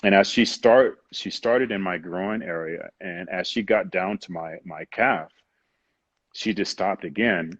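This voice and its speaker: A man with a low, husky voice recounts a painful personal story as an interview guest, candid and emotional, and he slips into quoted voices along the way. The sound is dry and a little dull, with no room around it. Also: a little slow, no room sound. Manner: candid, acts out others' voices, frequent "you know".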